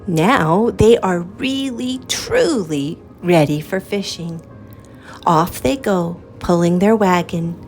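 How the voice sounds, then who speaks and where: A woman reading a picture book aloud to children, in a slow, lilting and expressive storyteller's manner. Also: lowish voice, soft background music.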